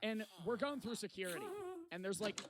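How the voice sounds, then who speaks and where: A man's voice: sits high, brisk, a crowd in the background. A young man telling a rowdy travel story in casual, profane storytime style. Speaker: vlogger. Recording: noticeable background noise.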